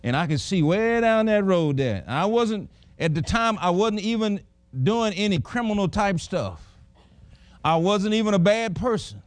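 A man's voice: sits high, lively intonation, unhurried, no room sound. A middle-aged man preaching a sermon, folksy and emphatic, chuckling as he tells personal stories.

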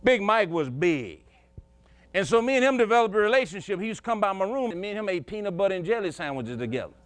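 Male preacher, high voice, folksy, chuckling, emphatic storytelling sermon. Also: sing-song, fast, no room sound.

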